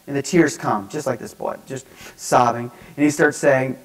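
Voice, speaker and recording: A man giving a lecture, telling stories in an animated, self-mocking way that swings between hushed and loud. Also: medium pitch, moderate pace, poor audio. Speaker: speaker at a divinity school lecture. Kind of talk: storytelling lecture. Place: lecture hall.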